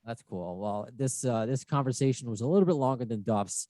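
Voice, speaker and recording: A man hosting a podcast in relaxed, friendly casual chat, joking at his own expense. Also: medium pitch, brisk, no room sound. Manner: relaxed, friendly, self-deprecating. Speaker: podcast host.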